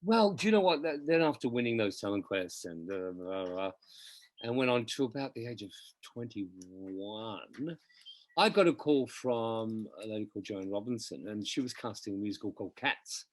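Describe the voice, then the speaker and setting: A middle-aged singer in a casual interview, telling chatty, animated anecdotes about his career. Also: fairly low pitch, moderate pace, no echo. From Australia. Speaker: interview guest, musical theatre singer.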